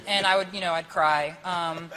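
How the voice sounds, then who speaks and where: A young man with a very high, light voice, chatting as a talk show guest, laughing often and stammering through restarts. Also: steady tone, moderate pace, pushed and bright, in a large hall.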